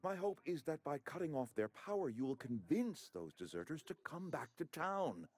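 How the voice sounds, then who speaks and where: A pompous husky town administrator. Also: male voice, a little high, big pitch swings, moderate pace, a little mellow, soft background music. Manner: formal, fussy and ingratiating. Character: pompous middle-aged male outpost administrator. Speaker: game character.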